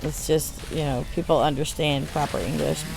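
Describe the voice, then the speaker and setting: Over a noisy background, a woman with a low voice and vocal fry talks at normal speed with fairly even intonation. She's a gaming channel host with a Southern US accent, Michigan-born and Southern-raised, rambling casually over gameplay and laughing between words.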